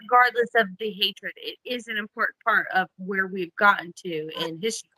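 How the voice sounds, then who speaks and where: A woman's voice: medium pitch, steady tone, brisk, bright, forceful tone, no echo, rough recording. A woman co-hosting a casual podcast, chiming in with short, dry quips. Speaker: podcast co-host.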